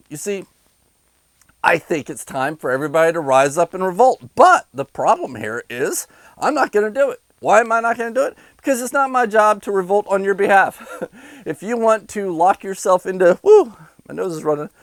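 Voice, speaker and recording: A man's voice: high-pitched, animated, moderate pace, no echo, rough recording. A man delivering an angry, sarcastic rant to his viewers, insulting them between bitter laughs. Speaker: vlogger. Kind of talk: angry ranting monologue.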